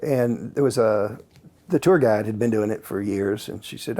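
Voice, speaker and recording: A man, a guest author and paranormal researcher, telling stories in a calm, casual way with many fillers. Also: fairly low pitch, normal speed. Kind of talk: relaxed anecdotal storytelling.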